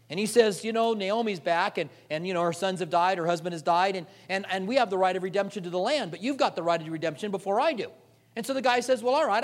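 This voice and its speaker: A man giving a conversational sermon, retelling a story with jokes and acting out the characters' lines, often restarting with repeated "and, and". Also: high voice. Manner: animated, jokey, acts out the characters' lines. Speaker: preacher.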